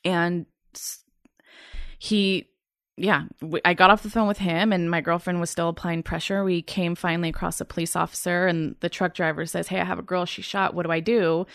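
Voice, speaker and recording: This is a woman in her thirties telling her own story as a guest in a sit-down interview. Her voice sits slightly low and is recorded close and dry, with no room sound. She speaks earnestly but haltingly, often pausing, restarting and reaching for words. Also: flat delivery, fairly bright tone, dry recording. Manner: halting, earnest retelling with frequent fillers and restarts. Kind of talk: personal testimony in a sit-down interview.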